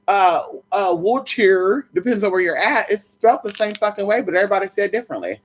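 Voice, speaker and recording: A sassy livestream host who chats casually and greets viewers one by one, voice sitting in a middle pitch. The talk is loose and profane, full of endearments and asides. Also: big pitch swings, moderate pace, fairly bright tone. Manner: swears freely. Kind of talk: casual live chat.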